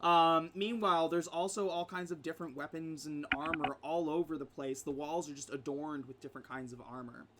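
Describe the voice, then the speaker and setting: A man's voice: on the high side, fairly even intonation, brisk, hardly any pauses, heavy background noise. A man narrating as game master in a casual tabletop game, talking loosely with many fillers.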